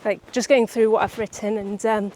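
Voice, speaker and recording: A young woman writer chatting casually about her book outdoors by the seaside, a little out of breath and halting, with many restarts. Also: medium pitch, steady tone, darkish tone, a little hiss or hum. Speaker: writer vlogger.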